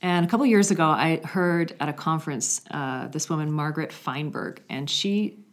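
A woman telling a story in a conversational faith reflection, animated, with hushed passages. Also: deep voice, moderate pace. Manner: storytelling, animated, drops to a hushed voice for quiet moments.

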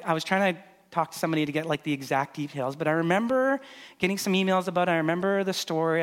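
Pastor guy chatting his way thru a sermon, kinda high voice, big hall echo. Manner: conversational, loose and filler-heavy. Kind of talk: casual sermon with live demonstration. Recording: long hall reverb.

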